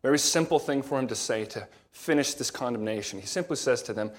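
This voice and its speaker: A man preaching an expository sermon, measured and emphatic, slowing down to stress key words. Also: medium pitch.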